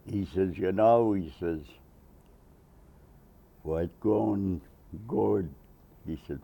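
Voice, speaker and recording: An older man, a Navy veteran, telling an oral history story with animated quoted voices. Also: low-pitched, gravelly.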